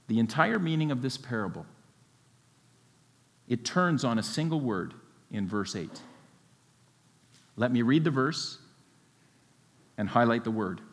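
A man preaching a sermon, expressive and full of rhetorical questions, with a light laugh now and then. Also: medium pitch. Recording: long hall reverb.

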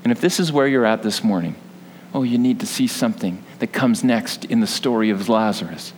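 A man's voice: lowish voice, brisk, darkish tone, long reverb tail, slight background noise. A man preaching a sermon as pastor, earnest and building to passionate emphasis.

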